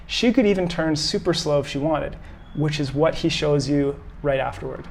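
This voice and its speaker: A man teaching salsa in a voice-over, explaining clearly and calling out the moves as the dancers hit them. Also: a little high, steady tone, moderate pace, darkish tone, a little hiss or hum. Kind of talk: instructional voice-over commentary.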